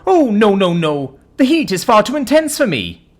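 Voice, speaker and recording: Male narrator doing a high, blaring NPC bear dad for a story reading: whiny, melodramatic, looping one line. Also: very animated, normal speed, faint music behind. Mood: panicky. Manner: repeats the same panicky line. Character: stiff game NPC father bear, whiny and dramatic.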